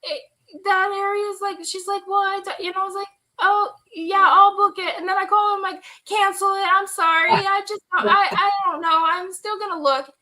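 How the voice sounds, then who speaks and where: A woman telling an emotional personal story as a guest, animated and quoting the people in it, laughing at times and close to tears. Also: extremely high pitch, moderate pace. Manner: animated retelling with quoted dialogue, laughing and near tears. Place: online stream.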